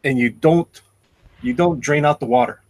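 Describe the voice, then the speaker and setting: A man's voice: fairly high pitch, moderate pace, no echo. Chatty middle-aged man, dry close sound. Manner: chatty, enthusiastic about food, rambling. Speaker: live-stream artist. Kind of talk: casual chat.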